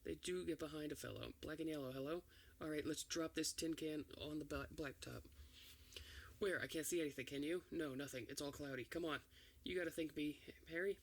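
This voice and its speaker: A man reading an entire film script aloud for ASMR, doing every part in one steady voice. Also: a little high, a little fast, creaky. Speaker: ASMR reader.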